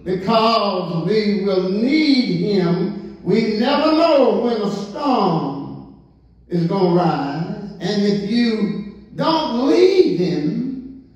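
A man preaching a sermon as pastor, drawing out his words and rising into excited calls to the congregation. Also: high voice, drawn-out words, lo-fi sound. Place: church sanctuary. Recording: echoey church from far off.

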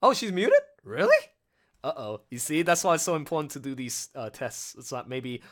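A man hosting a casual livestream chat with voice actors, excitable and rambling, laughing often. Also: fairly high pitch, moderate pace. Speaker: livestream host.

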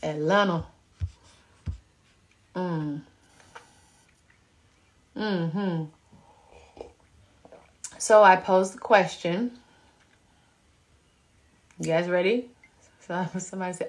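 A woman in her thirties talks to her viewers through a phone live stream from home. Her delivery is unhurried and loose, chatty, with laughing asides as she reads their comments. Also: on the low side, fairly bright tone. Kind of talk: casual chat reading viewer comments. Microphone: phone camera.

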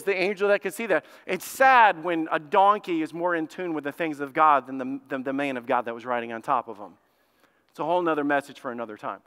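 Pastor guy preaching, chatty and fired up, high clear voice, big echoey church. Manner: animated, conversational preaching with asides to the congregation. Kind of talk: sermon. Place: church sanctuary. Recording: long reverb of a church hall.

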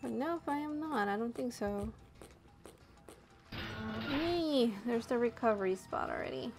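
A woman's voice: on the high side, animated, measured pace, music in the background. A woman giving casual, chatty commentary while playing a video game, easily delighted by what she sees. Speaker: let's play commentator.

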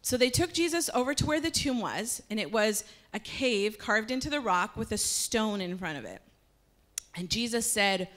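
A woman telling a Bible story to a church, lively and conversational. Her voice is a little higher than usual and moves along in a friendly, easy storytelling rhythm. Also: moderate pace. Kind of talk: casual Bible story retelling.

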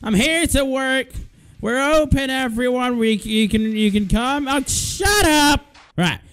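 A man giving excitable, frantic let's-play commentary, often yelling at the game's customers. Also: extremely high pitch, a little slow, faint music behind. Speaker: gaming video host.

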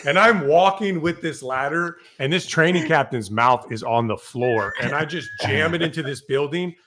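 A middle-aged man, a fire captain, telling casual stories from his early days and acting out the quotes loudly and with swearing. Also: fairly high pitch, moderate pace, background noise. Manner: animated storyteller, swears, acts out quotes loudly. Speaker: podcast guest, fire captain. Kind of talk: casual storytelling.

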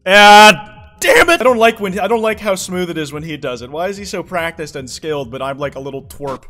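A young man streaming a video game, swearing, talking to the screen and yelling when things go wrong. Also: on the high side, fast, soft background music. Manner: excitable, profane, yells and shrieks at the game. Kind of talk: gaming commentary.

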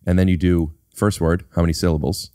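A man's voice: deep voice, flat delivery, a little fast, dark tone, clear, resonant tone, no room sound. A man hosting a podcast, explaining things in a playful, mock-serious way into a studio mic. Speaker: podcast host and actor. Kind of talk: casual podcast chat.

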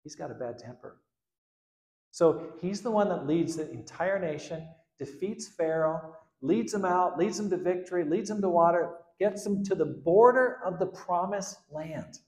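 Pastor guy preaching, fairly high voice, gets loud then quiet, echoey church. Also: normal speed. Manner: animated, shifts from loud to quiet, acts out quotes. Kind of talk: sermon. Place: church hall.

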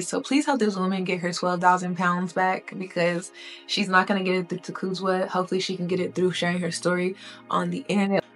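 A woman casually retelling another person's story in a chatty, conversational way, often checking in with the listener. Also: on the low side. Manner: chatty, conversational, frequent "right?" and "you know". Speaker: commentary vlogger.

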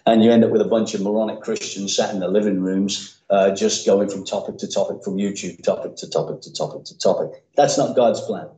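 A man's voice: mid-range voice, warm tone, reverberant, poor audio. A man preaching a sermon as pastor, earnest and emphatic with mocking asides. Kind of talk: sermon with opening prayer. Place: church sanctuary.

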